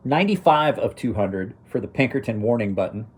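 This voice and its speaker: A middle-aged man who hosts a knife review channel chats casually on a live stream, his voice fairly low, husky, animated and fairly quick. He rambles, keeps restarting sentences, and chuckles to himself.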